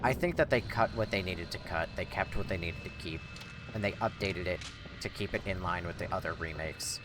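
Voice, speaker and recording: A male streamer with a fairly low voice chats through his gameplay in a casual, sarcastic way, swearing often. Game music plays clearly behind him. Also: a little fast.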